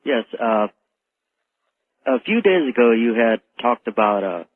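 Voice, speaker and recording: A man calling in to a radio show, speaking quietly and hesitantly. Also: medium pitch, lively intonation, a little slow, no echo. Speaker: caller. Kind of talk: phone call to a radio show. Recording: tinny phone line.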